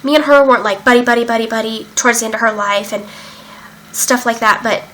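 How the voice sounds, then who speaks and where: Her voice fairly high, steady in tone and a bit bright, a young woman talks fast as she candidly shares her recovery story in a casual vlog. She's emotional and open, with many fillers and some swearing. The low-quality recording has a little hiss or hum.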